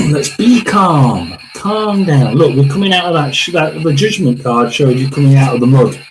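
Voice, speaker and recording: A man hosting a live tarot and spirit box session, talking haltingly, repeating words and often clearing his throat. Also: on the high side, animated, a little hiss or hum, low-quality recording.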